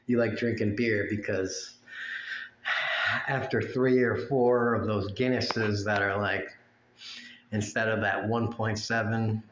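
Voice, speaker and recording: A man's voice: on the low side, lo-fi sound, slight background noise. A man ranting in a blunt, crude and mocking way. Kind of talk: profane rant to camera. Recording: echoey room with faint ambience.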